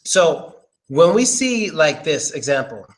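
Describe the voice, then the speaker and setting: A man giving a casual, informal pronunciation lesson, slowly repeating words and swearing now and then. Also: a little high, big pitch swings. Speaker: English pronunciation teacher. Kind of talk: casual live-stream lesson.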